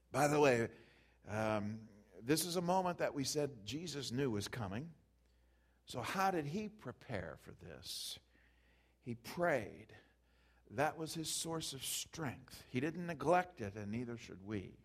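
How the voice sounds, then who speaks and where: A man's voice: mid-range voice, animated, measured pace. Impassioned male preacher. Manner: impassioned, builds from hushed to loud emphatic peaks. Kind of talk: sermon.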